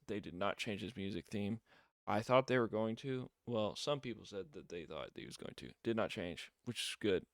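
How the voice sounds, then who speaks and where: A young man casually reviewing a wrestling show, rambling with many fillers and getting loud when excited. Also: fairly low pitch, normal speed, no echo, clean studio sound.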